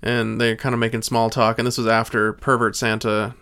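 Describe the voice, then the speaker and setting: A male podcast co-host whose mid-pitched voice is smooth and crisply clear. He chats about a film in a relaxed way and drops dry, joking asides. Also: normal speed. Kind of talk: casual movie-review chat.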